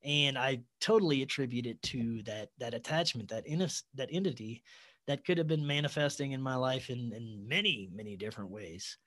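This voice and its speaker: A man, a podcast guest, telling a personal story in an excitable way, with sudden jumps in loudness. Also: medium pitch, moderate pace.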